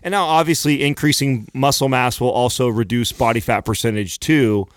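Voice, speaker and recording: A podcast co-host talking bluntly and irritably, with a lot of swearing, in a casual studio chat. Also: male voice, mid-range voice, fairly even intonation, moderate pace, dry recording. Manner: blunt, profane, easily irritated.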